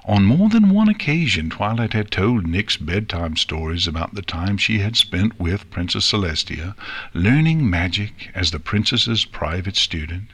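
Male audiobook narrator, smooth storyteller, bright, husky tone, lively pitch. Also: unhurried. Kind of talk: audiobook reading.

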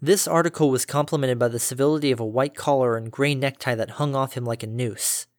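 A man reading a pony fan fiction story aloud in a steady, descriptive narration. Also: medium pitch, a little fast, no room sound, clean studio sound. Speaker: reader.

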